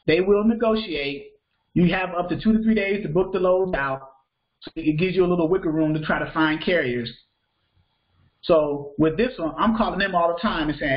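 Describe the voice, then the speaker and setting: A man with a high voice teaches a live freight broker training class at a normal speed, and the audio has its highs cut off. He keeps it conversational, repeats phrases, and asks questions to make sure students follow.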